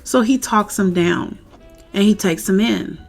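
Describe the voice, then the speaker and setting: Woman, casual TV recap, animated and chatty, acts out characters, outdoors in wind, faint music. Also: mid-range voice, a little slow, gravelly. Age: adult parent. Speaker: show recap vlogger. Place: outdoors, windy.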